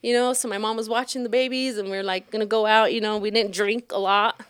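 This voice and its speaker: A woman's voice: a little fast, clear, resonant tone, dry recording. A woman telling a profane bar story in casual chat, acting out the people she quotes. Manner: animated, profane, acts out quotes in a higher voice. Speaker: storyteller guest.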